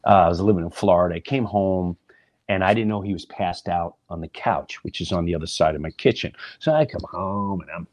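A man hosting a podcast, telling a personal story in an animated monologue, acting out voices and often dropping into a whisper. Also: sits low, brisk. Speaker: podcast host.

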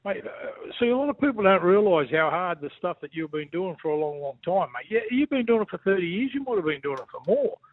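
Older aussie bloke ringing in over a tinny phone line, rowdy and jokey, calls everyone mate, bit high-voiced. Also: male voice, animated, fast talker, hardly any pauses, no room sound. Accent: Australian. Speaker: former rugby league player calling in. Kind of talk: casual banter.

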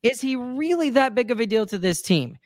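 A woman's voice: a little high, animated, brisk, a little mellow, no echo. Frustrated woman ranting, dry sound. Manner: frustrated, rambling with restarts and apologies. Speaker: sports podcast co-host. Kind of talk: casual chat.

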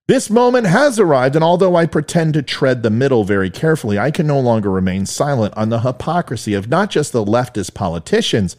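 A man's voice: mid-range voice, lively intonation, a little fast, hardly any pauses, darkish tone. A middle-aged man hosting his own podcast, telling a story in a solo monologue with wry, joking asides. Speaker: podcast host.

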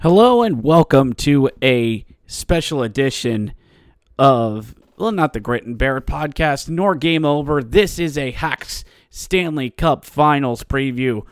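A man's voice: mid-range voice, animated, slow pace, clear, resonant tone, no echo, studio quality, soft background music. A man hosting a solo sports podcast, mocking and ranting, rising into exasperated outbursts. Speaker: podcast host. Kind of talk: sarcastic solo sports commentary.

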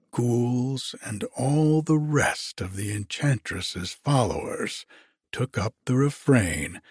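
A man reading an old fairy tale aloud in slow, measured phrases. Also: mid-range voice, breathy edge, no echo, clean studio sound. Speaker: narrator. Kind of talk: storybook reading.

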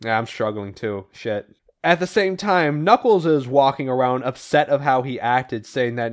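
A man co-hosting a podcast, casually retelling comic book issues with animated voiced quotes and the odd swear. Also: medium pitch, normal speed. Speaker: podcast co-host recapping comics. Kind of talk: casual comic recap chat.

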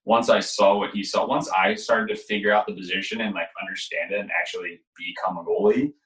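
Deep-voiced man in an echoey room. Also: fairly quick. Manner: relaxed storytelling with many fillers. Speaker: goalie coach. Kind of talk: casual conversation.

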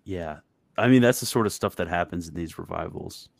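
Guy hosting a stream, low-ish voice, jokey and slangy, laughs a lot, dry mic. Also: vocal fry, dry recording. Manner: joking, slangy, quick to laugh. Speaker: stream host. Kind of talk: casual chat.

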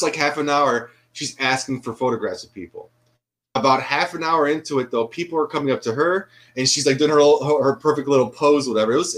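A man's voice: mid-range voice, fairly bright tone, rough recording. A man co-hosting a podcast, talking in a laid-back way full of fillers and swearing. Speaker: podcast co-host. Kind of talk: casual chat.

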